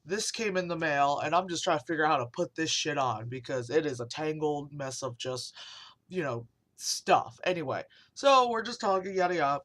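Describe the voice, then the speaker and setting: A woman's voice: sits low, normal speed, fairly bright tone. A woman telling a story in a casual vlog rant, rambling and swearing, with lots of fillers. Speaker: vlogger.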